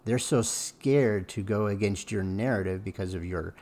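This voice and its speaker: A man's voice: on the low side, measured pace, hardly any pauses, dark tone. A man co-hosting a commentary stream, blunt and sarcastic as he scolds the person under discussion. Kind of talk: critical commentary chat.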